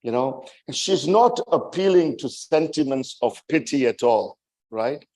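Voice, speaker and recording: A man giving a religious sermon to a gathering. He speaks in a slow, emphatic way, rises to forceful peaks and keeps checking in with his listeners with "right?". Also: medium pitch, lively intonation. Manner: rhetorical, keeps asking "right?" to the audience. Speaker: majlis speaker.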